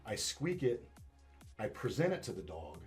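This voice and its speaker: A man's voice: lowish voice, sing-song, normal speed, faint music behind. A man speaking as a dog trainer being interviewed, talking casually and emphatically, swearing and repeating words as he restarts.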